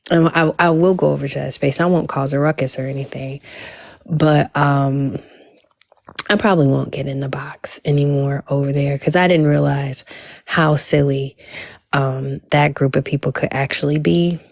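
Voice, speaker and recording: Her voice sits low, steady, creaky and a touch mellow at a normal speed, recorded in studio quality with no echo. This livestream host is chatty with her viewers in a Black style, adding asides and sometimes dropping to a whisper.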